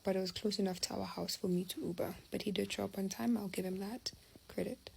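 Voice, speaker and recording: Talking fast in a gravelly mid-range voice, a young woman relays a personal story in a casual, confiding storytime manner, often half-whispering as she animatedly retells it. The rough recording carries a little hiss or hum.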